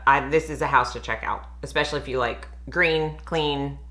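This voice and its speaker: Lady vlogger, low but bright voice, chatty and excited about fragrances. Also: moderate pace. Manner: chatty, enthusiastic, laughs often. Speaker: beauty vlogger host. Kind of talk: casual fragrance review chat.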